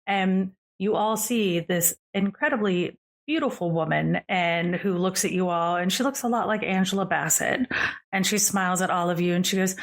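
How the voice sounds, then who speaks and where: A woman's voice: fairly low pitch, moderate pace. A woman narrating as game master in a casual, chatty storytelling manner.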